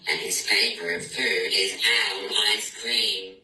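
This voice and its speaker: A man's voice: on the low side, fairly even intonation, slow pace, sharp tone, soft background music, heavily acted. A man voicing a small, clever, bluffing mouse in a picture-book reading, in a playful sing-song voice. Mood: cheeky. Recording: echoey room, distant mic, noisy.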